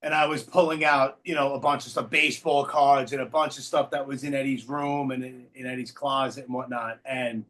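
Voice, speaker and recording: A man hosting a casual interview, chatty and quick to jump in. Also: medium pitch, steady tone, a bit bright. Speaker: podcast host.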